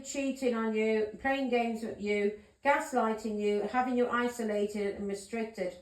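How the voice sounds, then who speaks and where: A woman's voice: on the high side, fairly even intonation, a little slow, hardly any pauses, echoey room, poor audio. A woman giving a tarot reading to her viewers, talking in an insistent, repetitive, accusing way. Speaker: tarot reader.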